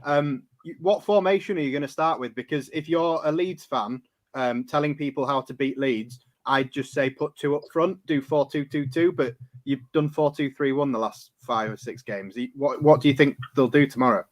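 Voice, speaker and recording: A man's voice: mid-range voice, normal speed, no room sound. A man, co-hosting and teasing the guest in casual chat. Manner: blunt, teasing. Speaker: co-host.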